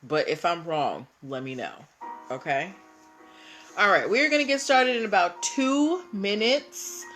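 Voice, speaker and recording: A woman hosts a casual live stream. She takes her time, speaking at an unhurried pace. She chats freely and greets each viewer by name. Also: medium pitch, animated, a bit bright, faint music behind. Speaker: livestream host.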